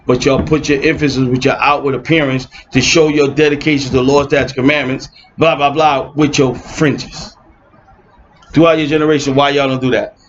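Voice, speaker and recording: A man's voice: medium pitch, steady tone, fairly quick, slight background noise. A man giving informal online Bible teaching, reading verses aloud and breaking off into sarcastic, mocking asides. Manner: reads verses aloud, then mocks opponents with sarcastic asides. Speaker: scripture teacher. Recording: dull lo-fi recording.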